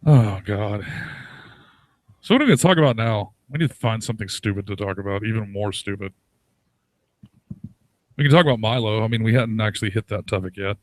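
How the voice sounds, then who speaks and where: A man's voice: lowish voice, brisk, long pauses. A man co-hosting a casual chat, talking in a rambling, crude way and laughing often. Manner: rambling, crude, laughs a lot, acts out quotes. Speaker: podcast co-host.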